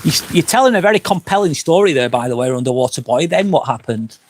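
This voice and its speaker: A slightly high-voiced man, tipsy from wine, chats through a live stream from beside an outdoor fire pit. He rambles, swears freely and keeps breaking off to apologise. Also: lively intonation, fast talker, a little hiss or hum. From England. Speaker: live-stream host reading chat comments. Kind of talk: casual live-stream chat.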